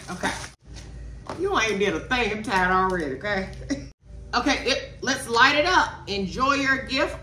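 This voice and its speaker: Animated, chatty woman in an echoey room. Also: mid-range voice. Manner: chatty, addresses viewers as y'all and child. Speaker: vlogger. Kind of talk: casual chat while unboxing. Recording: echoey room, mic at a distance, background noise.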